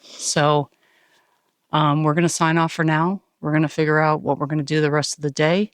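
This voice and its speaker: A woman speaking calmly and encouragingly as a hiking companion on a mountain summit, recorded on a handheld phone. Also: sits low, moderate pace, dry recording, studio quality. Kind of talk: casual trail vlog.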